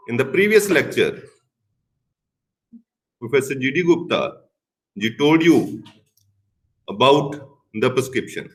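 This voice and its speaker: A man's voice: medium pitch, sing-song, a little slow, pauses often, a bit bright, low-quality recording. A middle-aged man with an Indian English accent giving a recorded pharmacy lecture, stressing key words and now and then slipping into Hindi. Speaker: pharmacy professor.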